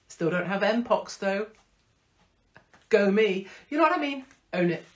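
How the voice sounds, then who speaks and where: A woman's voice: mid-range voice, lively intonation, moderate pace. A middle-aged woman hosting a casual live stream, blunt, rambling and profane. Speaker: host.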